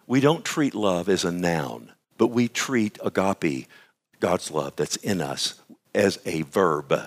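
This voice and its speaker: A male pastor giving a radio sermon, fervent and emphatic, often turning to his listeners with "amen?" and "listen". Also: low voice.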